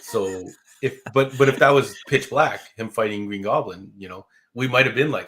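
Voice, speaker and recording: A man's voice: fairly low pitch, moderate pace, few pauses, a bit bright. A man co-hosting a live show, chatting casually and laughing often. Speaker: co-host.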